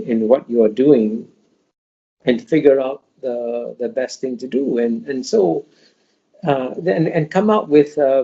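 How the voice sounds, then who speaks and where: A man answering interview questions in an emphatic, lecturing manner, with frequent restarts as he builds his point. His voice is mellow and somewhat dark. The audio sounds dull and lo-fi. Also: a little high. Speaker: interview guest.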